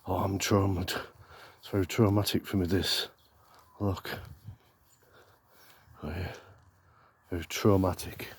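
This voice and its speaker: A man filming a mock-spooky comedy vlog outdoors in woodland, talking deadpan and pretending to be scared, with lots of swearing. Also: low-pitched, unhurried, long pauses, slightly rough. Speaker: vlogger.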